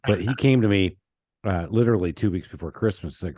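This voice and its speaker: A man hosting a podcast, telling lively stories with many restarts. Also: deep voice, fast talker, slightly rough, no room sound, clean studio sound. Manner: animated storyteller, many restarts. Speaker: podcast host. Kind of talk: casual podcast interview.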